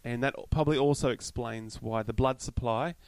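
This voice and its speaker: A man, co-hosting an educational podcast, explaining in an earnest, halting way. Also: mid-range voice, no room sound, poor audio. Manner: earnest, hesitant explaining with fillers. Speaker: podcast co-host. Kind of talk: casual educational chat.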